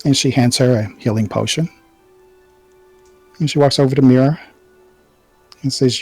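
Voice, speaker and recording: A man acting as game master for a tabletop game, describing what characters do in a relaxed, halting way. His voice sits at a middle pitch. The sound is dry and close, with faint music behind. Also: creaky, husky, no room sound. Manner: narrates with frequent ums, relaxed.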